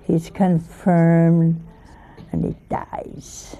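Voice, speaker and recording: A woman's voice: fairly low pitch, completely flat delivery, extremely slow, dark tone. A woman giving an informal sermon in a folksy way, often asking her listeners rhetorical questions. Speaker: religious teacher.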